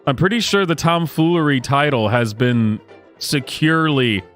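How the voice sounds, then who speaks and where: A man's voice: fairly high pitch, normal speed, fairly bright tone, faint music behind. A man hosting a show where he reacts to videos, talking sarcastically and laughing often. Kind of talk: casual reaction commentary.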